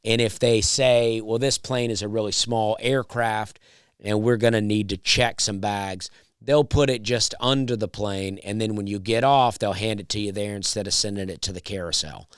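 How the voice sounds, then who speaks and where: A man, a stand-up comedian, telling a drawling, deadpan comedy story. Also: on the low side, normal speed, clean tone, no room sound, clean studio sound.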